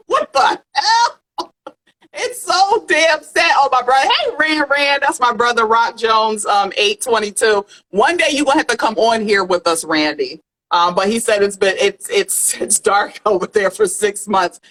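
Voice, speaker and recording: A woman co-hosting a casual podcast chat, animated, laughing often and swearing freely. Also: medium pitch, moderate pace, rough recording. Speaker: podcast co-host.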